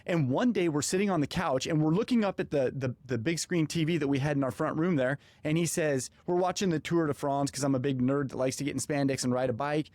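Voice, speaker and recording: A man hosting a podcast, telling a personal story in an animated way and acting out the dialogue. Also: a little high, fast talker, hardly any pauses, no echo. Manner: animated, acts out quoted dialogue. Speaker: podcast host. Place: podcast studio.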